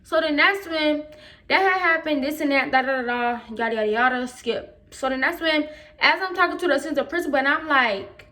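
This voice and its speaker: A woman's voice: high-pitched, fairly quick. A woman telling a personal story in a casual storytime vlog, slangy and emphatic, and she replays what she said back then. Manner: animated, replays her own past remarks in quotes.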